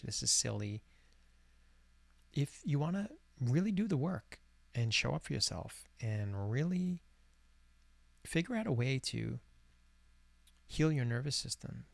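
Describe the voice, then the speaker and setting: Man, late 40s, self-help host, gravelly, earnest reflective delivery, dry close sound. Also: medium pitch, no echo. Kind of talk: guided reflection. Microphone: camera recording alone.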